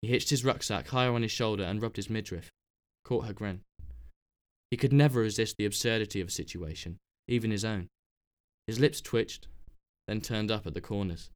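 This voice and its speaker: A man narrating a novel in a measured, even storytelling manner. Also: on the low side, clear, resonant tone. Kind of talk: scripted narration.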